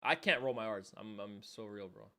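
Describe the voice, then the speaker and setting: A young man from Canada streaming a football watchalong, chatting casually in slang with loud reactions and quiet muttered asides. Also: lowish voice, moderate pace. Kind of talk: live match watchalong commentary.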